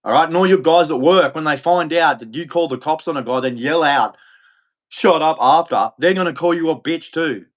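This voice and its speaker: A man's voice: fairly high pitch, a little fast, hardly any pauses. An Australian man livestreaming an angry, profane rant, repeating insults over and over. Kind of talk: angry ranting monologue.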